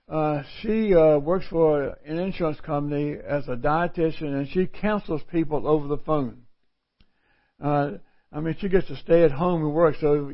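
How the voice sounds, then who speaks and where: A middle-aged man preaching a sermon, reading scripture aloud and explaining it in a folksy way, repeating phrases for emphasis. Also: on the high side. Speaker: pastor. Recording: dull lo-fi recording.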